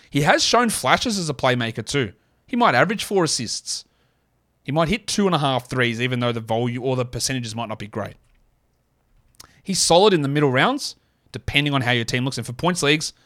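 A man hosting a solo podcast, talking in an opinionated way with quick asides and self-deprecating jokes. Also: medium pitch, fairly bright tone. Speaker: podcast host. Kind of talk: solo fantasy basketball podcast.

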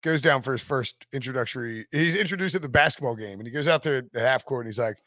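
A man's voice: mid-range voice, quick pace, bright, forceful tone, no room sound, studio quality. A man hosting a sports podcast, chatting casually, joking and laughing often. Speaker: podcast host.

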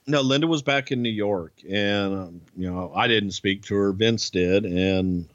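A man casually telling a profane, animated anecdote on a podcast. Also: lowish voice, a little slow, no echo. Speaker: podcast storyteller. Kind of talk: casual storytelling. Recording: dull lo-fi podcast audio.

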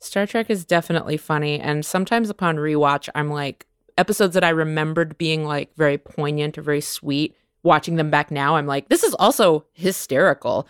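Woman co-host, deep smooth voice, eager reactions, dry booth. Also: brisk, hardly any pauses, no room sound. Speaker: podcast co-host. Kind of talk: casual chat.

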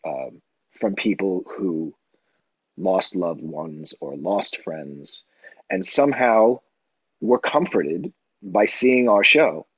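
Middle aged guy being interviewed, keeps restarting, flat dry lo-fi sound. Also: deep voice, slightly rough, dry recording. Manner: halting, searching for words, restarts often. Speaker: guest.

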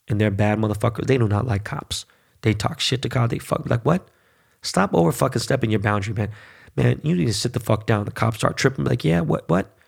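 A man's voice: medium pitch, creaky, slightly rough. A man hosting a podcast, talking bluntly and profanely in a heated, casual monologue. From United States. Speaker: podcast host.

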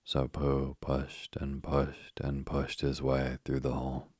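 Very deep, slow bedtime story narrator. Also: male voice, completely flat delivery, slightly rough, no echo, studio quality. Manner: soft, soothing and unhurried.

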